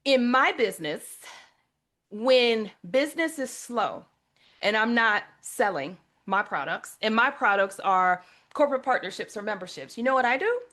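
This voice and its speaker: A woman hosting an interview show, her voice sitting a little high for a woman. She tells stories animatedly and talks straight to her listeners in a friendly, conversational way. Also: moderate pace. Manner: lively storyteller, addresses listeners as y'all. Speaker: podcast host.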